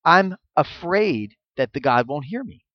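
A man's voice: on the high side, expressive, measured pace, no echo, muffled recording. A man preaching a sermon in a conversational, emphatic way.

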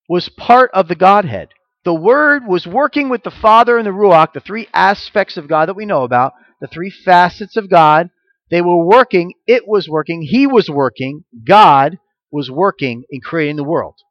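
A man preaching a sermon as a messianic rabbi, reading scripture and drawing out key words slowly for emphasis. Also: high voice, lively intonation, dry recording, lo-fi sound. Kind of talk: sermon teaching.

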